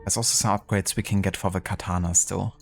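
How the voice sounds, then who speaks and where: Deep-voiced male gaming streamer. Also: quick pace, vocal fry, soft background music. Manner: relaxed, thanks viewers with many fillers. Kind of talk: casual live-stream chat while gaming.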